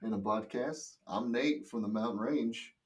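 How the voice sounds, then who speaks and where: A man co-hosting a podcast, talking in a relaxed, matter-of-fact way. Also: medium pitch, measured pace. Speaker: podcast co-host. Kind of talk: casual chat.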